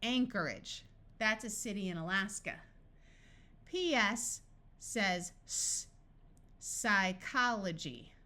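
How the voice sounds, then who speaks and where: A woman reading a scripted phonics lesson, sounding out words slowly and deliberately. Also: mid-range voice, pushed and bright. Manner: slow, deliberate word-by-word reading. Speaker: phonics tutor.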